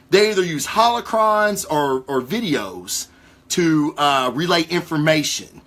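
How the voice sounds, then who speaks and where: Excitable, profane man rambling theories. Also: fairly high pitch, measured pace. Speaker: podcast host. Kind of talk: casual theory talk to a live chat.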